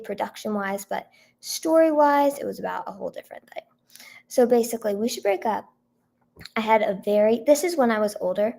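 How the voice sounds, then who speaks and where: A hoarse woman singer-songwriter chatting casually on a livestream, thanking viewers by name and filling her talk with "like" and "um". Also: mid-range voice, mellow.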